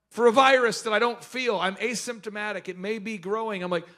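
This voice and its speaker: A middle-aged man telling jokey stories at a business workshop, asking the audience questions and shouting his punchlines. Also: sits high, a little fast, hardly any pauses. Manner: animated, jokey, acts out quoted voices. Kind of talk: energetic seminar storytelling to a live audience.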